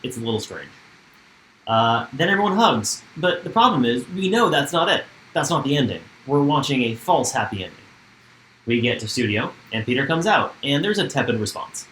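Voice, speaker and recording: A man's voice: medium pitch, sing-song, normal speed, fairly bright tone. A man with a mid-range voice co-hosts a casual recap podcast. He walks through the scenes step by step like a storyteller. His voice carries a roomy echo over a faint bed of noise. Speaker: podcast co-host.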